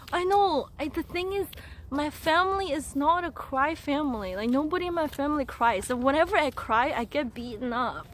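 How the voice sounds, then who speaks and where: Young woman, high voice, streamer, chatty storytelling, stumbling restarts, faint background hiss. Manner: animated, laughing, halting retelling with many restarts. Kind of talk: casual storytelling to a live chat.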